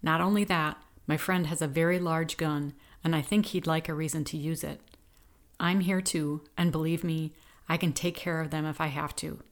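Woman doing a steady rescuer lady, low voice, firm and reassuring, storybook read. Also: moderate pace. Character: determined woman rescuer, calm and protective.

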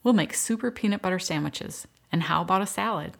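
A woman voicing a gentle young woman caring for twin girls, coaxing and warm with them. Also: fairly low pitch, fairly quick, vocal fry, pitched above the performer's own voice.

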